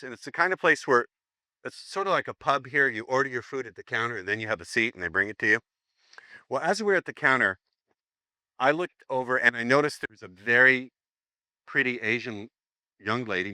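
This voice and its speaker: A man's voice: mid-range voice, sharp tone, dry recording. A man teaching a seminar, telling a story in a chatty, playful way and acting out the dialogue. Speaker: seminar instructor. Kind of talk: storytelling to a live seminar audience.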